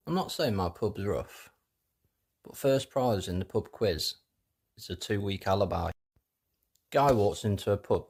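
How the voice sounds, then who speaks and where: A British man telling one-liner pub jokes, pitching his voice up for the quoted characters. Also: a little mellow, a little hiss or hum. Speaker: comedian.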